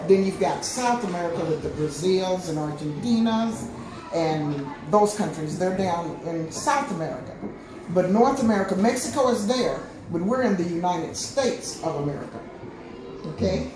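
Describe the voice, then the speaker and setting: A woman's voice: on the low side, expressive, moderate pace. An older woman, a retired teacher, patiently explaining geography to a class. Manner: patient, instructive. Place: school classroom. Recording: echoey room, far from mic, noisy.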